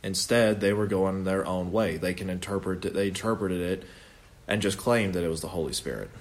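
A man's voice: low voice, normal speed. A young man leading an informal Bible study in a conversational, earnest way, often correcting himself mid-sentence.

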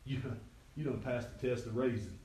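A man's voice: mid-range voice, steady tone, normal speed, warm tone, slight background noise. A middle-aged man preaching a sermon as pastor, telling folksy stories with quoted dialogue. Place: church sanctuary. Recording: echoey hall, distant mic.

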